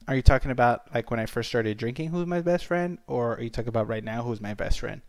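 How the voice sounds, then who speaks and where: A man's voice: mid-range voice, brisk, few pauses, no echo, faint music behind. A man hosting a casual gaming livestream, joking with viewers and exclaiming at the game. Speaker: livestream host.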